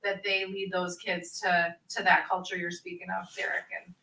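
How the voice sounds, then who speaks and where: A woman's voice: on the low side, flat delivery, moderate pace, creaky, pushed and bright. A woman on a school board, chatting and thanking the coaches at a meeting. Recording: echoey room from far off, clicks.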